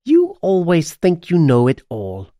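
A woman's voice: wildly swooping pitch, measured pace, mellow, dry recording, clean studio sound. A man voicing a stubborn, boastful witch in a storybook reading, giving her a bossy, impatient manner. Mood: sulky. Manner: bossy and impatient, shrill when upset.

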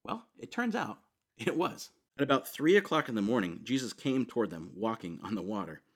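Animated, chatty male preacher. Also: lowish voice, fairly quick. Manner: casual and conversational, with frequent "like" and "right?". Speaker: pastor. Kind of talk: sermon.

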